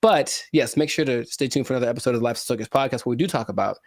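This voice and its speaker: A man hosts a casual podcast with animated, jokey energy and plenty of rambling asides. His voice is mid-pitched. The recording is dry and close, with no room sound. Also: rapid-fire, dry recording. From California. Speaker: podcast host and musician.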